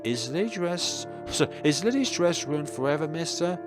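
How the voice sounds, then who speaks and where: A man voicing a small, timid little girl who talks about herself by name, in a high squeaky voice. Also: lively intonation, moderate pace, over music, close to an everyday voice. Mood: worried.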